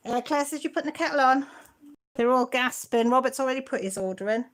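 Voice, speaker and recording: Woman, middle-aged, stream host, fairly high voice, chatty, teasing. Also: fast. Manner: chatty, teasing, answers viewer comments. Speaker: channel host. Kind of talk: casual livestream chat.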